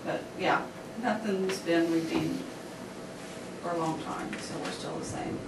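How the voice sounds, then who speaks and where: A woman, a county official, calmly explaining procedures to a board at a public meeting. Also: lowish voice, measured pace, creaky. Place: meeting room. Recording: echoey room, distant mic, background noise.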